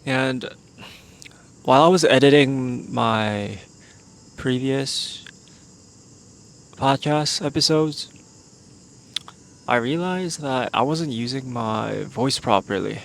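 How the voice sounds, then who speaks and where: This man's relaxed solo podcast wanders along slowly, peppered with "like" as he speaks into a handheld mic somewhere remote outdoors. His voice is medium in pitch, gravelly, and full of vocal fry, and there's a faint hiss or hum in the background.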